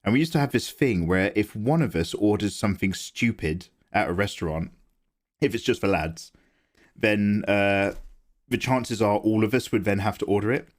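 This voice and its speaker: A man's voice: on the low side, moderate pace. A young man chatting casually on a drawing livestream, wandering from topic to topic and laughing often as he tells stories. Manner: rambling anecdotes, laughs often. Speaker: livestream artist. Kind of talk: casual chat while drawing on stream.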